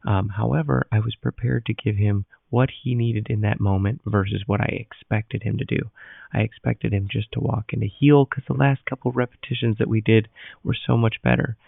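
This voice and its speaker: A man giving a calm instructive training note as a voice-over, explaining how to handle a dog. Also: fairly low pitch, normal speed, vocal fry, no room sound. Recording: tinny phone-like voice-over.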